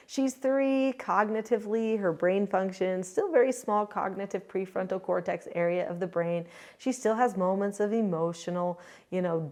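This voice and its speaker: Middle-aged woman, parenting coach, earnest chatty teaching to camera. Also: mid-range voice. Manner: earnest, chatty, with lively quoted asides. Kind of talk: casual instructional talk to camera.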